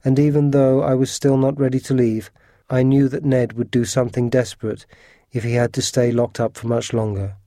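A man reading a storybook aloud as its first-person narrator, in a steady, earnest manner. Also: medium pitch, a little fast, dry recording, clean studio sound.

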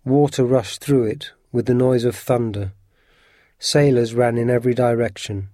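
A man reading a storybook aloud as its first-person narrator, in a steady, earnest manner. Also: medium pitch, normal speed, dry recording, clean studio sound.

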